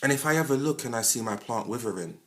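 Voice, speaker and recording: At a quick pace, a London-accented man rants as a podcast host in an impassioned monologue, speaking directly to whoever's listening. His delivery is animated, full of heavy slang, and keeps flipping between loud outbursts and low asides.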